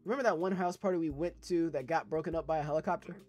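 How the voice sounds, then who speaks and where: Rapid-fire and mid-range with a darkish tone, this young adult gamer reads dating game lines aloud over soft background music. The let's play commentary is casual, profane and laughing, riffing freely on what's on screen.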